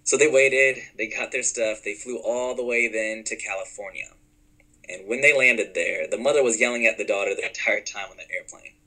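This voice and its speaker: A man telling a long story as an interview guest, lively and acting out the dialogue. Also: fairly low pitch, moderate pace, poor audio. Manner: animated, acts out dialogue in the story. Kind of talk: conversational storytelling.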